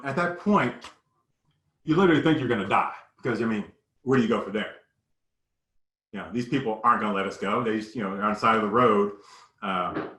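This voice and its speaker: A man recounting a personal story in an emotional, halting way, often repeating words. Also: mid-range voice, pushed and bright, echoey room.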